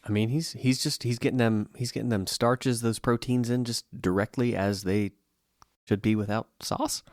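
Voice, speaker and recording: A man's voice: mid-range voice, steady tone, moderate pace, darkish tone. A man co-hosting a casual podcast, asking questions and cracking dry, teasing jokes. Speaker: podcast co-host.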